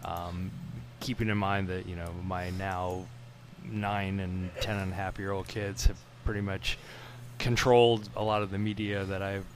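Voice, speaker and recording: A middle-aged man from Florida talks through a film in a casual podcast chat, slow and hesitant, often restarting his sentences. His voice sits a little low. A faint ambient hiss runs underneath. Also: little pitch movement. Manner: rambling, hesitant, slow and measured. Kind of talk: casual movie discussion.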